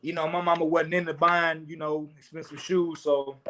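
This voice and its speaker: A sneaker battle contestant from St. Louis, USA, talks casually and ramblingly about his sneakers, leaning on "you know what I'm saying." His voice is fairly high, level, pushed and bright, at normal speed.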